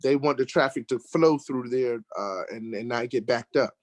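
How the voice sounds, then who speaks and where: This is casual storytelling on an online talk show: an American man, medium in pitch and moderate in pace, shares a lively travel story from a road trip. The audio has no room sound. Whenever he acts out arguments, he gets worked up and his animated voice rises sharply.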